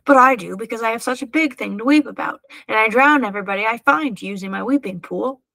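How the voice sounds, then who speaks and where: A woman voicing a weepy, vain old male rhinoceros with a deep, angry voice in a read-aloud storybook. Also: quick pace, gravelly, bright, forceful tone, no room sound. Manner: mournful, threatening.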